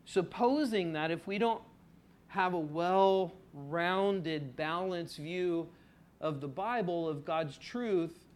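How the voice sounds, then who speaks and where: Here a pastor's voice sits high and moves slowly as he preaches an expository sermon. He talks with the congregation conversationally, tossing out rhetorical questions and stretching key words for emphasis.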